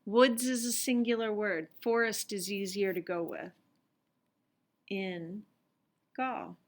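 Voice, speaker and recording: A woman's voice: mid-range voice, fairly even intonation, slow pace. A woman teaching Latin, patiently walking through worksheet examples and sounding out each phrase. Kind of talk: explaining worksheet exercises.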